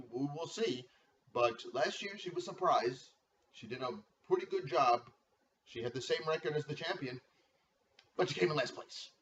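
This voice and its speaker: A man hyping up his fantasy football league like a ring announcer, his voice swinging wildly up and down and sounding bright and cutting. He is recorded from a distance on dull, lo-fi audio with a faint hiss underneath. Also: a little high. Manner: hype-man name announcing, stretched shouted intros and profane rants.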